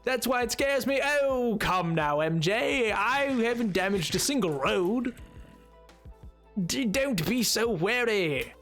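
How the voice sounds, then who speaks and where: A man playing a genteel, fussy English gentleman in a put-on posh accent, his voice sitting high and light as he keeps up mannered, primly polite remarks through a live game stream. Faint music plays underneath. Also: animated, takes it slowly, full character voice. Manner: prim, mannered phrasing, mild exclamations.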